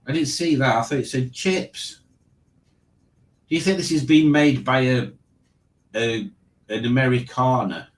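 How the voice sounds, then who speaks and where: A man's voice: mid-range voice, measured pace, pauses often, echoey room, poor audio. A man hosting a casual online quiz, reading questions and joking about them. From Liverpool, England. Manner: wry, mocking the questions. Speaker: quiz host.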